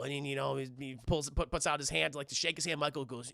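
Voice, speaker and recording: A man's voice: fairly high pitch, fast talker, vocal fry, no room sound, studio quality. A man casually recapping a film scene by scene for his live chat, swearing often and acting out the characters. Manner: animated, swears a lot, acts out scenes. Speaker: streamer reviewing a film.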